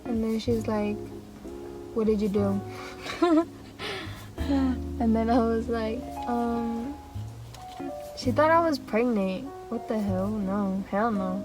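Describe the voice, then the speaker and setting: A young woman vlogger telling a rambling, animated storytime, laughing and acting out quotes as she goes. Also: fairly high pitch, slow, pauses often, over music, rough recording. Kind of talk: casual storytime.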